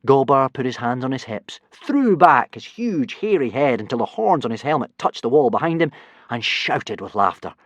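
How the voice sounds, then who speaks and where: A man narrating a children's adventure book with expressive delivery. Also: mid-range voice, moderate pace, no room sound. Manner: animated, expressive. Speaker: audiobook narrator. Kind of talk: storybook narration.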